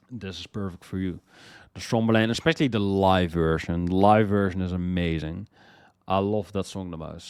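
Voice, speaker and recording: Smooth, dry-voiced man rambling about music. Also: deep voice, no room sound. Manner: rambling, repeats words, swears freely, excitable. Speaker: music list host. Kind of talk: casual music commentary.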